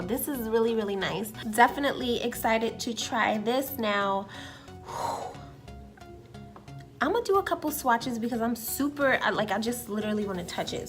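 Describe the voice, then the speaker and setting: A woman vlogging a makeup first impression, gushing and excitable, swearing casually and sometimes dropping to an awed whisper. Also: a little high. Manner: drops to an awed whisper over colors. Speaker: beauty vlogger.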